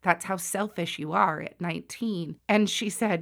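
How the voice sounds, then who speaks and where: Woman, forties, from the US, personal storytelling, loud, lively, self-mocking. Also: mid-range voice, moderate pace, few pauses. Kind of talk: personal story told to an audience.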